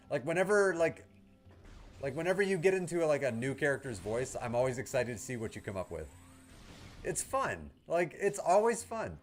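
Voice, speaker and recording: A male game streamer chatting casually with his viewers, his pitch swinging in a lively way. He rambles with lots of "like" and quick laughs. Faint music plays behind him. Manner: chatty, lots of fillers and laughs, answers chat. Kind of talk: casual livestream chat.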